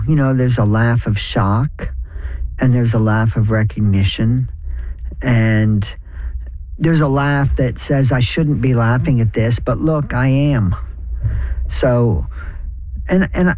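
A man in his sixties, an author being interviewed, telling anecdotes in an animated way with sudden pitch jumps. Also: no room sound. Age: 60s. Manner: animated storyteller, jumps in pitch for emphasis, quick asides. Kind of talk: conversational interview.

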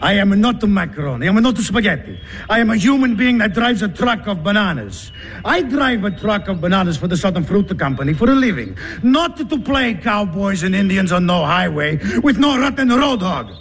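An actor with an Italian accent playing a hot-headed truck driver who talks in broken English and breaks down sobbing. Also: male voice, sits high, big pitch swings, a little fast, fairly bright tone, slightly rough, heavily acted. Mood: angry. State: crying. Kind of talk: film drama acting.

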